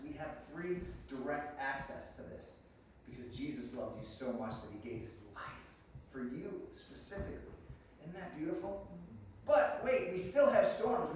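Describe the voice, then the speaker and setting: A man's voice: fairly high pitch, a little hiss or hum. Enthusiastic man preaching in an echoey church. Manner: enthusiastic, calls congregation friends, laughs often. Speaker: guest preacher. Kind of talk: sermon. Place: church sanctuary. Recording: echoey room picked up from a distance.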